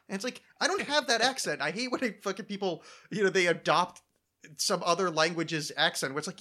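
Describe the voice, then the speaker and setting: American guy hosting a podcast, kinda high bright voice, swears a lot, joking around. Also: expressive, brisk. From United States. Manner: crude, joking, swears freely. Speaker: podcast host. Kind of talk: casual podcast chat.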